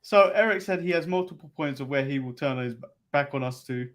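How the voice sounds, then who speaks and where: A man's voice: fairly high pitch, fairly quick. A man from England co-hosting a wrestling recap show, chatting casually with frequent laughs and hesitant ums. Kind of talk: casual podcast banter.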